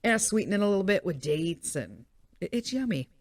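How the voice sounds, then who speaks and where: A woman's voice: medium pitch, very animated, brisk, no room sound, clean studio sound. A middle-aged woman hosting a podcast, talking in a candid, profane and rambling casual monologue. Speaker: podcast host.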